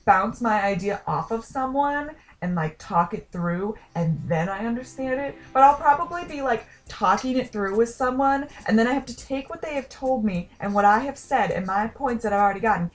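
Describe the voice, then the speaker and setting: A woman's voice: fairly high pitch, lively intonation. Chatty young woman vlogging. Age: young adult. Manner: rambling, self-deprecating, quick asides. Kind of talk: casual talking-to-camera chat.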